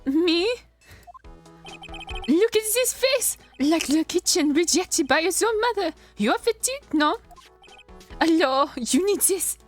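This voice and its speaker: A woman's voice: very high-pitched, lively intonation, takes it slowly, long pauses, soft background music, pitched above the performer's own voice, exaggerated voice. A woman voicing a flamboyant, flirty male French chef in a theatrical put-on French accent, gushing and sprinkling French words. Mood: fussing.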